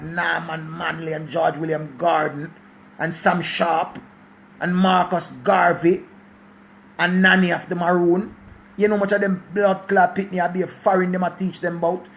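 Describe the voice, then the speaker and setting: A man's voice: high-pitched, level tone, normal speed, gravelly, slight background noise. A Jamaican man in his forties giving a preachy life talk in a mix of patois and English, repeating himself and swearing. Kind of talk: passionate casual monologue.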